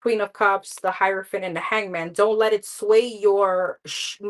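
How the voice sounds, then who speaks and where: A woman's voice: medium pitch, fairly even intonation, unhurried, poor audio. A woman giving live tarot readings in a candid, chatty way, talking straight to her viewers. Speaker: tarot reader.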